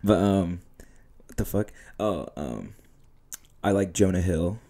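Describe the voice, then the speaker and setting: A man's voice: low-pitched, expressive, slow, crowd noise. A young man co-hosting a podcast, chatting casually about films in a laid-back, slangy way with plenty of swearing. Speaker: podcast co-host.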